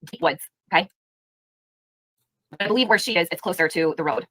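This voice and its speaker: A woman's voice: fairly low pitch, expressive, a little fast, a bit bright, dry recording, low-quality recording. A woman hosting a live stream, giving heated, indignant commentary and firing rhetorical questions at her chat. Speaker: livestream host.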